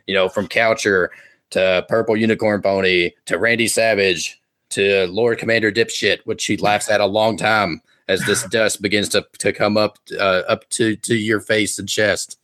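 Male game master with a lowish voice, playful comic narrator of a tabletop game. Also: steady tone, a bit bright. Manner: playful, puts on quick voices for characters.

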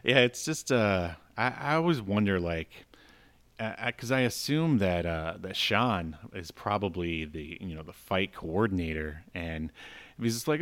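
Low voice guy, swoops up and down a lot when he's amused, dry close mic. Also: expressive, measured pace, fairly bright tone. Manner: wry, laughs, reads lines from his notes. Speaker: podcast co-host reviewing a movie. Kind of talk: casual chat.

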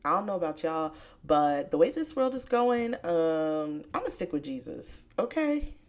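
A woman hosting a podcast, talking about scripture in a casual, chatty way with bursts of excitement. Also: lowish voice, unhurried. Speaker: podcast host. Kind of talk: casual faith podcast talk.

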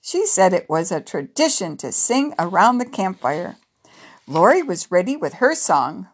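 A woman narrating a children's story in a gentle, expressive way. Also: mid-range voice, a little slow, slightly rough.

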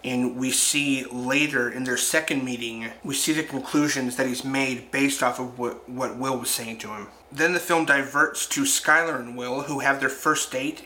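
Bright-voiced man reviewing a film. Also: mid-range voice, slight background noise. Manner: reflective, retelling scenes with quick asides. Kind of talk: casual film review narration.

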